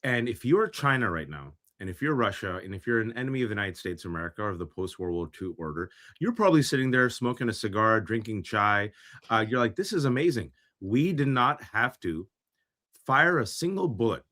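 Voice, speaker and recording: A man's voice: fairly low pitch, animated, brisk, sharp tone. A man co-hosting a live political talk show, speaking bluntly and emphatically with a sarcastic edge. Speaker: co-host.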